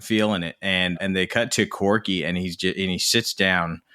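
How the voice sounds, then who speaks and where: Man, bright forceful voice, lively podcast chat. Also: deep voice, clean tone. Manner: animated, swings into quick put-on voices. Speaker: podcast co-host. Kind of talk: casual film discussion.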